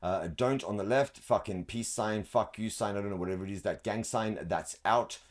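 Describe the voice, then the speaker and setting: A man's voice: on the low side, brisk. A man giving crude, sarcastic comedic commentary as a show host, swearing heavily and handing out mock advice. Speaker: show host roasting event photos.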